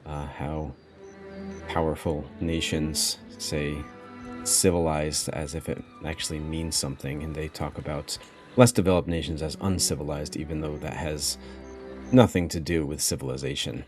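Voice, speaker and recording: A man's voice: very deep voice, fairly even intonation, normal speed, music in the background. A man reading game text aloud and adding loose, chatty asides about its lore.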